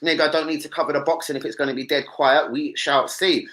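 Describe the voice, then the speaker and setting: A young man, hosting a football live stream and chatting with his viewers in an animated, slangy and sweary way. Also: a little high, fast, rough recording. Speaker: football livestream host. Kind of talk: casual live-stream chat.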